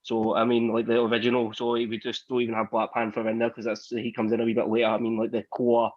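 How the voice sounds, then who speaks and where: A man in casual podcast chat, speaking in a flat, even tone. His recording is dry and slightly muffled. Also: mid-range voice, fast, no room sound. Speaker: podcast co-host.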